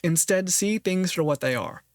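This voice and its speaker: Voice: mid-range voice, expressive, normal speed, no echo, studio quality. A podcast host giving earnest, reflective solo commentary on a philosophy text, thinking aloud and restarting phrases often.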